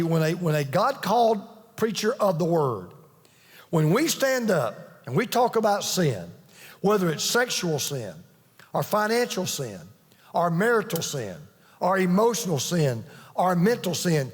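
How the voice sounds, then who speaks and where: A man preaching a sermon as pastor, telling stories earnestly and pressing his points with emphatic repetition. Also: high voice. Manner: earnest storytelling, emphatic with restarts. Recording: long reverb of a large hall.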